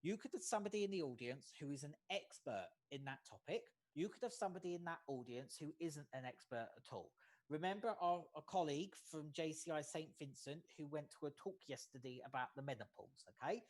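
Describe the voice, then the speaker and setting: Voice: medium pitch, lively intonation. Trainer leading an online workshop. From United States. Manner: measured, often checks in with "okay?". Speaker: workshop facilitator. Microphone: video call.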